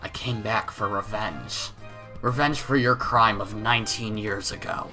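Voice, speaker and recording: A man voicing a creepy, mysterious young man who speaks softly, quietly and deliberately. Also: on the low side, fairly even intonation, faint music behind. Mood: menacing. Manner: soft, quiet, eerie, deliberate.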